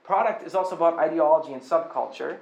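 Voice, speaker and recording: A man's voice: fairly high pitch, fast talker, vocal fry, darkish tone, lo-fi sound. A man preaching a sermon in a loose, joking, conversational way, with a Boston accent, in a church. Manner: humorous, conversational, mimics other voices. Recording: echoey room.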